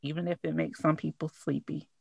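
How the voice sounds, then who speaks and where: A woman from Arkansas with a Southern accent, chatting casually in a slow, easy cadence. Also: deep voice, little pitch movement, creaky, a little mellow, husky, dry recording. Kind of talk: casual chat.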